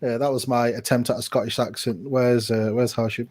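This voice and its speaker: A man's voice: medium pitch, level tone, fairly quick, darkish tone. Cheeky young man bantering. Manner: cheeky, joking, mock-stern banter. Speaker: podcast co-host. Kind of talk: casual advice podcast chat.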